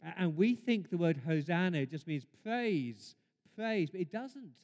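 A man preaching a sermon in a church, emphatic, rising to loud exclamations and dropping to quiet asides. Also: high-pitched, lively intonation, unhurried. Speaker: pastor. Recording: long reverb of a church hall.

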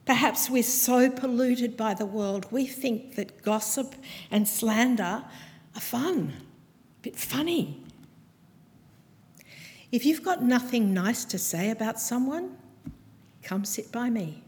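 A woman preaching a sermon to her church, with a measured, earnest delivery and pointed pauses. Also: on the high side, a little mellow. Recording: long hall reverb from a church.

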